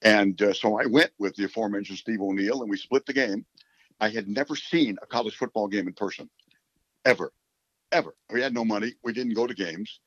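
An older man from New York City, a sportscaster, rambling through a long interview answer with repeated words and animated asides. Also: lowish voice, fast, no echo. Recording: slightly dull, dry recording.

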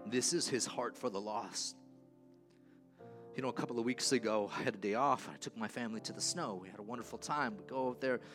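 A male pastor preaching a sermon, moving between quiet storytelling and loud, impassioned calls. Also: on the low side. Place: church sanctuary.

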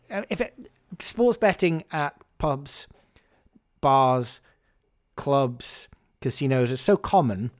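A man hosting a podcast, telling a story in a casual, animated, wry and self-mocking way. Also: mid-range voice. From Scotland. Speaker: podcast host.

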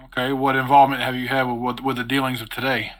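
A man's voice: medium pitch, flat delivery, fast, a bit bright, low-quality recording. A man playing a tabletop game, voicing his character's questions and narrating his actions. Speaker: player. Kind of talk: tabletop role-play.

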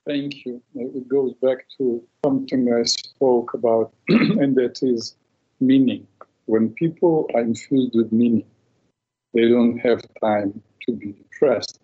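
A man's voice: medium pitch, fairly even intonation, slow pace, slightly rough. A man hosting an interview, responding reflectively and sharing an anecdote of his own. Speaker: interviewer host. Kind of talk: conversational interview. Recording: slightly dull lo-fi audio.

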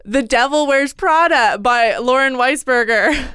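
A woman's voice: high-pitched, measured pace, a bit bright, smooth, dry recording, clean studio sound. A woman in her thirties from Oregon co-hosting a podcast, chatting casually and laughing often. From Oregon, United States. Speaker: podcast co-host. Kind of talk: casual chat.

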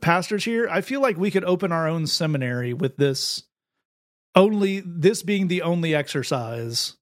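Male podcast host, slightly higher voice, casual chat, wry jokes. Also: lively intonation, moderate pace. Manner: wry and joking, laughs often.

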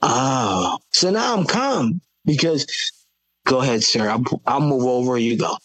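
A man's voice: mid-range voice, lively intonation, a little slow, a bit bright, no echo, poor audio. A man from Florida, a guest on a podcast, tells his stories with animation and acts out the people he quotes. His voice sits in the middle of the usual range. The sound is close and dry, with no room around it. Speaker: guest, Christian hip hop artist. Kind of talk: casual podcast conversation.

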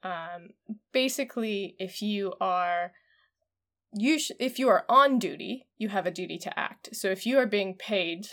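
A woman's voice: mid-range voice, a little slow, fairly bright tone. A woman co-hosting a casual discussion, chatty and full of "like" fillers. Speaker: podcast co-host.

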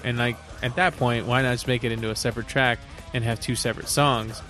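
A man's voice: medium pitch, fairly even intonation, fairly bright tone, soft background music. A man co-hosting a casual podcast, cracking puns and giving blunt opinions. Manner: wisecracking, quick puns. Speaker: podcast co-host.

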